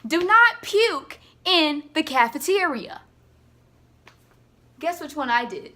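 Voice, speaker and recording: A woman's voice: sits high, slow, pauses often. A young woman telling a funny story in a vlog, acting out what people said in different voices. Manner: animated, acts out quotes in voices. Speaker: vlogger.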